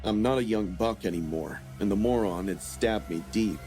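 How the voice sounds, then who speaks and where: Low-voiced man narrating grim horror. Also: moderate pace, soft background music. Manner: steady, grim storytelling. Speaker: story narrator. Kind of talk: scripted first-person horror narration.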